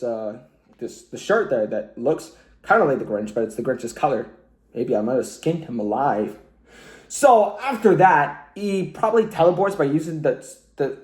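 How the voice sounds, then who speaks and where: A man's voice: a little high, a little mellow, roomy sound. A man recapping a cartoon casually, rambling and joking with lots of fillers. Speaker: cartoon reviewer.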